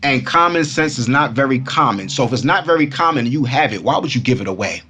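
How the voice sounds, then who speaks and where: Speaking quickly in a mid-range voice that sounds slightly rough, a crypto channel host from Brooklyn, New York, chats animatedly with his fans. He repeats himself and keeps addressing them as Kumas.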